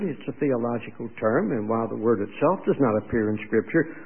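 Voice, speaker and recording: A man's voice: mid-range voice, vocal fry, slightly rough. A man preaching a sermon in a conversational way, putting questions to his congregation, heard on a tinny lo-fi radio broadcast.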